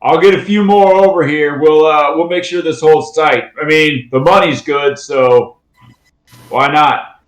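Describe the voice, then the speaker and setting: A man's voice: on the high side, steady tone, a little slow, lightly acted. A man voicing a blunt, wry mercenary woman who guards a door in a roomy-sounding recording. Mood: offhand. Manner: blunt and wry, with clipped replies.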